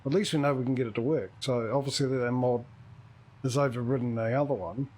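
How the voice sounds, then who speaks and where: A man streaming a multiplayer farming game, chatting casually and thinking out loud as he plays. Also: medium pitch, fast talker, husky, poor audio. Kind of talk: casual gaming chat.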